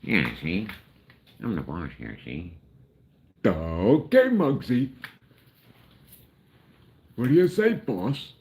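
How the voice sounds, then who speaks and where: A man's voice: fairly low pitch, very animated, takes it slowly, pauses often, a little mellow, pitched above the performer's own voice, exaggerated voice. A man voicing a tough-talking 1930s movie gangster boss with clipped delivery.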